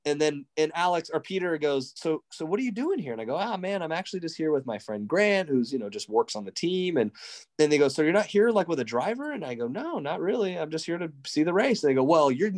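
A man, telling a racing story in a casual, excitable way and acting out quotes. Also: a little high, fast talker. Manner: animated, excitable, acts out quotes. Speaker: guest, racing driver coach.

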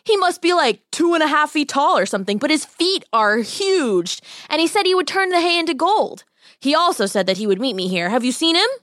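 An eager young prince, played by a woman, with a high, bright voice. He talks quickly and casually in a storybook reading. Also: big pitch swings, dry recording, studio quality. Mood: excited.

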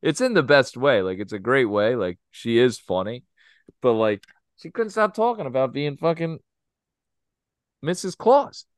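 Casting note: man, 30s, podcast co-host; lively, laughing storyteller with a bouncy pitch and a dry, close sound. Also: unhurried, smooth, no echo. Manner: animated storyteller, laughs often, swears. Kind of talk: casual chat.

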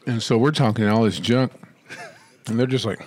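A man co-hosting a casual podcast chat, playful and quick to laugh. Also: fairly low pitch, a little mellow, slight background noise. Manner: playful, laughs often, tells stories with acted-out quotes. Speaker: podcast co-host.

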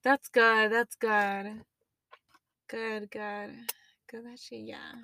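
A young woman guest in casual chat, reacting with drawn-out exclamations. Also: fairly high pitch, level tone, noisy background.

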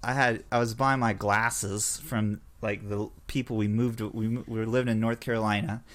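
A man co-hosting a casual chat, telling stories in a relaxed way and laughing as he talks. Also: fairly low pitch, normal speed. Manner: laid-back storyteller, laughs while talking. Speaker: podcast co-host.

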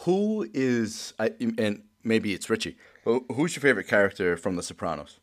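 A man's voice: on the low side, big pitch swings, moderate pace. A man hosting a casual podcast, rambling with many fillers and restarts. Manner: rambling, full of likes and restarts.

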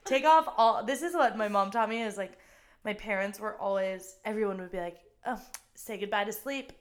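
Young woman host, eager and conversational, middle pitch, plays out quotes as she talks. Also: brisk. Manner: enthusiastic, acts out quotes in voices. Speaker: podcast host. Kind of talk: casual chat.

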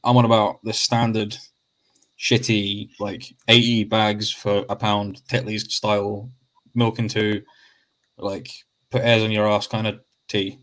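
A man's voice: on the low side, little pitch movement, measured pace, a bit bright. A man, rambling with mock seriousness and swearing freely in a casual podcast chat.

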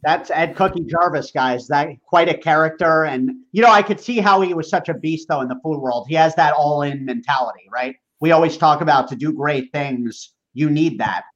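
An upbeat man hosts a casual podcast and talks up his guest with energy. His voice sits slightly high. The audio sounds a little dull and lo-fi. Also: normal speed, few pauses, a bit bright. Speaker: podcast host.

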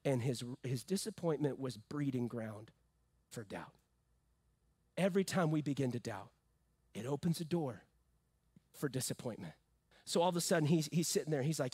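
A male pastor preaching a sermon emphatically, swinging from loud peaks to hushed phrases, with joking asides. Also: on the high side, animated, moderate pace, husky, dry recording.

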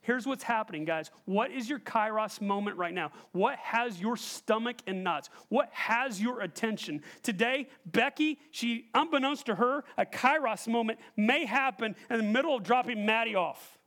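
In a church hall, a pastor whose voice sits high for a man preaches into a stage microphone at normal speed with hardly any pauses. He tells a personal story with animated energy, repeatedly turning to the congregation with questions.

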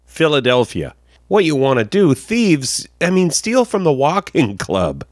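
A man's voice: a little high, big pitch swings, a little slow, dry recording, clean studio sound. A man hosting a podcast in a casual, joking style with rambling asides. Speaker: podcast host.

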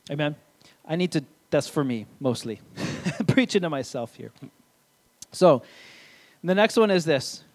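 A man's voice: fairly high pitch, animated, normal speed, long pauses, a little mellow. A young adult man preaching a sermon in church, in a casual, conversational way with asides. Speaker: pastor.

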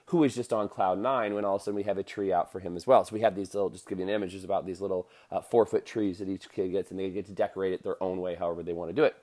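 A man's voice: mid-range voice, a little mellow. A man in his thirties giving a casual motivational monologue to listeners, rambling with many fillers and restarts.

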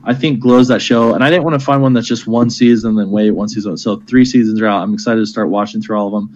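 A man's voice: on the low side, steady tone, fast, darkish tone, muffled recording. A man co-hosting a casual podcast, rambling about shows he watched, laughing often and swearing casually. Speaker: podcast co-host. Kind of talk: casual chat among friends.

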